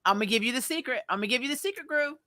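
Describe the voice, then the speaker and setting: Bright punchy woman host, midwest-southern accent, animated, cusses a lot. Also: high-pitched, racing. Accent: Midwestern and Southern US mix. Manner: animated, laughing, swearing freely. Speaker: channel host. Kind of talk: casual review chat.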